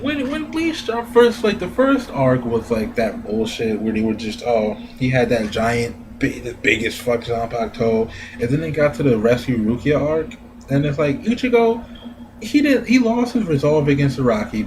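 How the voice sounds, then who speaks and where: A man giving a casual, profane anime review rant, animated and laughing often. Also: medium pitch, noisy background. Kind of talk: casual ranting commentary.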